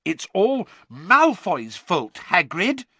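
A man's voice: high voice, huge pitch swings, takes it slowly, sharp tone, husky, no room sound, pitched above the performer's own voice, heavily acted. A man voicing an anxious, earnest and bookish teenage girl in a raised, careful voice.

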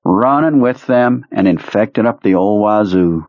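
A man's voice: lowish voice, expressive, unhurried, no echo, dull audio. A man voicing a cold, contemptuous female soldier who speaks in a bored, clipped tone.

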